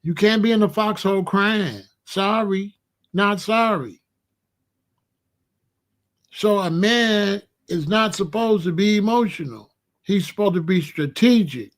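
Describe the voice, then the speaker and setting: A high-pitched middle-aged man delivers a preachy monologue. He hammers his points home, repeating phrases for emphasis and swinging between drawn-out and rapid lines. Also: fairly bright tone. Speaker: commentator. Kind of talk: monologue commentary to camera.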